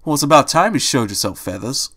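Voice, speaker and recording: A man voicing a gruff, streetwise male rabbit who grumbles in tough-guy slang. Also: mid-range voice, animated, fast talker, a bit bright.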